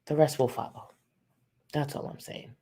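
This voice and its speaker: A woman's voice: low voice, fairly even intonation, normal speed, dark tone. A woman streamer giving blunt, sassy, profane live-stream commentary and often breaking into laughter.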